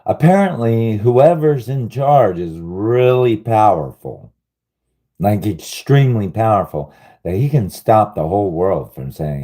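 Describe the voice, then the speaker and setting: A man talks slowly on a live stream in a low, mellow voice. He rambles and sighs, swears freely and keeps circling back, confused and aggrieved. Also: expressive, poor audio. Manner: rambling, sighing, heavy swearing; bewildered, aggrieved. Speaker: livestreamer.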